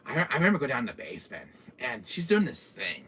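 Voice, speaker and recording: A man hosting a gaming channel, chatting casually about horror games, who swears freely and acts out scenes in little voices and hushed whispers. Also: mid-range voice, wildly swooping pitch, fast talker, far from the mic, slight background noise.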